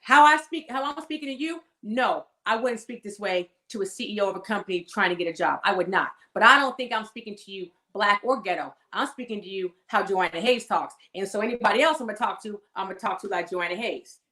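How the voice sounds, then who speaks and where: A woman with a Californian accent, a guest in a casual conversation, talking in an animated, emphatic way and laughing often. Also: mid-range voice, fast talker, hardly any pauses. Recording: echoey room.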